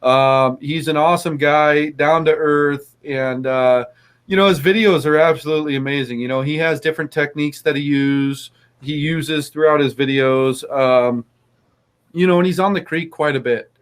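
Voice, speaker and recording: A man's voice: on the high side, steady tone, moderate pace, smooth. A man hosting a casual podcast interview, effusive and full of um and uh fillers. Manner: effusive, many fillers, repeats praise. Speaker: podcast host.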